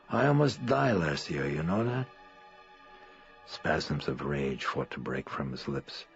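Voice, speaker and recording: A man narrating a horror audiobook in a measured, somber manner. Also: rumbling low. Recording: dry, slightly dull lo-fi recording.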